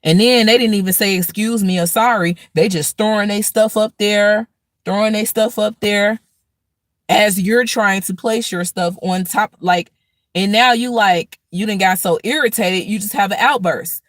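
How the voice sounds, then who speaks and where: The host of this casual spiritual talk has a mid-range voice at a moderate pace, recorded without echo. Her manner is preachy as she tells everyday stories, dramatizing angry rants.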